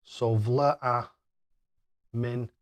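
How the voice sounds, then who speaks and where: Older bloke livestreaming darts, chatty and laughing a lot, keeps fumbling names. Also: male voice, medium pitch, fairly even intonation, extremely slow. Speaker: darts livestreamer reading chat. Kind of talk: casual live-stream chat.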